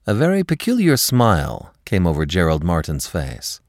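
Male narrator for an audiobook, very deep, lively delivery, dry close sound. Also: no echo. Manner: expressive, measured reading. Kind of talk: scripted story narration.

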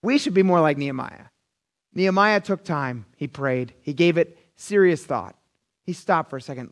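A middle-aged man preaching a conversational, animated sermon, often calling the audience "you guys". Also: fairly high pitch, moderate pace. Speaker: pastor.

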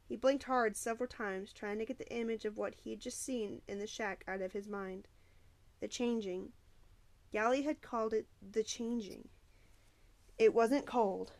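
A woman narrating a novel aloud with steady storytelling and occasional small slips. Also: fairly high pitch, dry recording. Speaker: audiobook narrator.

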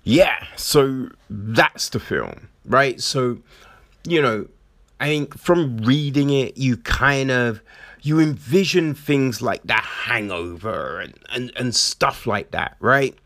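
A man's voice: medium pitch, lively intonation, takes it slowly, a bit bright. A man giving a casual, frank film review, indignant and swearing, with many restarts and fillers.

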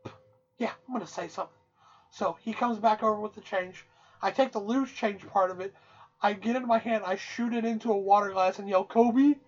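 A woman co-hosting a podcast, telling a rowdy anecdote in loose, profane, animated casual chat. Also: mid-range voice, brisk. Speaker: podcast co-host. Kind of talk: casual storytelling. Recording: dull, muffled audio.

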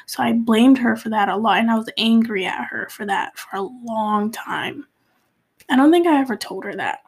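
A young woman from Cape Verde, her voice slightly high but gravelly and husky, tells the story of a painful time in her life at a normal speed. It's casual, confessional vlog talk that rambles with fillers and restarts and dips into a hushed whisper now and then.

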